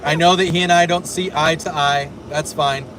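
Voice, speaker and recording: A man's voice: fairly high pitch, fairly even intonation, normal speed. A man hosting a casual livestream from a car on a road trip, chatting and moderating his chat. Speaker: streamer host. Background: car noise.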